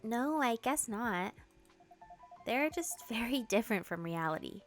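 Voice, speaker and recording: A woman voicing a calm, thoughtful barista in gentle, measured tones, reading game dialogue. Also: fairly high pitch, faint music behind. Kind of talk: game dialogue read-through.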